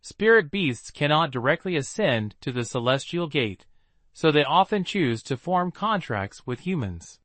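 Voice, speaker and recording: A man narrating a story recap with a lively storytelling manner. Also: on the high side, unhurried, dry recording.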